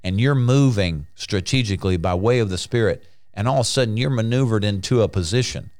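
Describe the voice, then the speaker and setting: Emphatic male preacher, lowish voice. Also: fairly quick, darkish tone. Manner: emphatic and repetitive, restarting phrases, frequent hallelujahs. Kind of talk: sermon.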